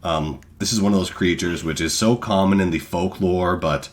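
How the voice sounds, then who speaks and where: A man's voice: sits low, normal speed. A man co-hosting a podcast, reading researched notes in a casual way with self-deprecating asides. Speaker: podcast co-host presenting cryptids.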